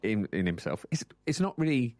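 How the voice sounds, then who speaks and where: A man's voice: medium pitch, sing-song, brisk, darkish tone, dry recording. A man co-hosting a film podcast, casually analysing a film with a thoughtful, hesitant manner. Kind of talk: casual film review chat.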